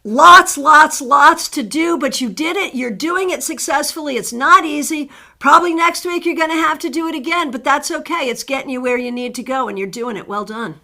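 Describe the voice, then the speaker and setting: Brisk and barely pausing, a middle-aged woman with a high voice hosts a tarot livestream. She warmly welcomes viewers by name as she reads their cards.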